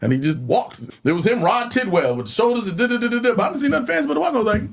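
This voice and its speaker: A man's voice: very high voice, expressive, rapid-fire, gravelly. A man telling a profane, laugh-filled anecdote as an interview guest, acting out the dialogue. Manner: profane, acts out quoted dialogue, laughs often. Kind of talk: storytelling anecdote.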